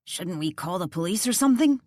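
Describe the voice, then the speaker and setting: A woman's voice: fairly low pitch, animated, brisk, a little mellow, no echo. A woman narrator voicing a scared, stammering man who pleads his innocence, in an audiobook. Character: frightened stammering man caught at a killing. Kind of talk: audiobook character voice.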